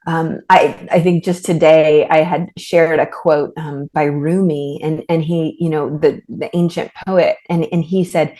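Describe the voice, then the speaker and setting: A woman author and trauma therapist, speaking as a podcast guest in a thoughtful, halting way with frequent restarts. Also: low-pitched, steady tone, warm tone. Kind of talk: reflective podcast conversation.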